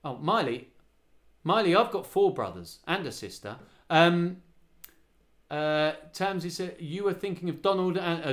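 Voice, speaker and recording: A man's voice: on the high side, expressive, moderate pace, fairly bright tone. Man leading a children's choir rehearsal. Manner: sings lines then counts children in, chatty and encouraging. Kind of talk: live online singing rehearsal. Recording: home livestream with guitar. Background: acoustic guitar he plays.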